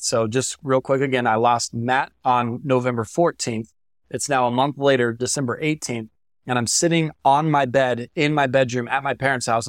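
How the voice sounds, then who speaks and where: On a podcast, a young man appears as a guest and recounts a painful story with candor and real feeling, earnest and at moments emotional. His pitch is ordinary, and the recording is dry and close-miked with no room sound.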